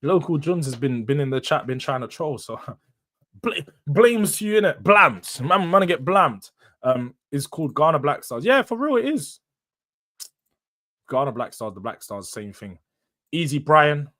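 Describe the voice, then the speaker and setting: A man's voice: a little high, big pitch swings, measured pace, a bit bright. A young man with a London accent hosting a casual football live stream, bantering with the chat in slang. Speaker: host.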